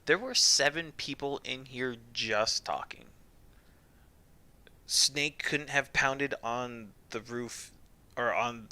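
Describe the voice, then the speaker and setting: A male streamer comments casually on a story game, cracking jokes and laughing. His voice is very bright and sits in the middle of the range. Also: mid-range voice. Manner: chatty, joking, laughs often. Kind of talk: casual let's-play commentary.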